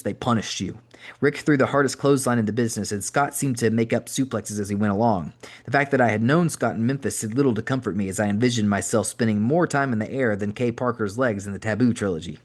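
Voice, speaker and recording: A man narrating an audiobook in a brisk, wry first-person reading. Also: lowish voice. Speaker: podcast host reading an audiobook.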